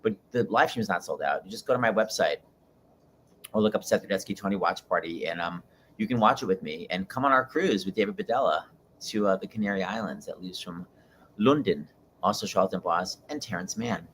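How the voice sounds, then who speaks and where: A male talk-show host gushes and jumps between asides and plugs, saying "oh my God" often. His voice sits low, with faint noise in the background. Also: a bit bright. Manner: gushing, rapid asides, repeats "oh my God". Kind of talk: casual talk-show monologue.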